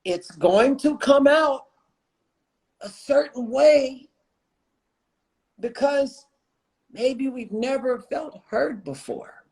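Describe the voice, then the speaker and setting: A man's voice: very high voice, very slow, vocal fry, long pauses, a little mellow. Passionate man, repeating lines for emphasis. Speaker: guest, motivational speaker and coach. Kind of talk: impassioned conversation on a livestream. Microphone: phone or computer mic on a livestream.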